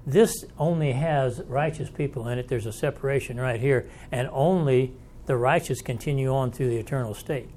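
Folksy, slightly high-voiced male Bible teacher. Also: a little mellow. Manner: folksy, conversational, thinks aloud and invites questions. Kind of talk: Bible study lecture.

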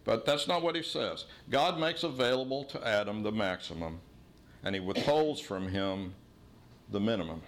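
A middle-aged man preaching a sermon as pastor, teaching in an earnest tone and slowing to stress key phrases. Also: lowish voice, expressive.

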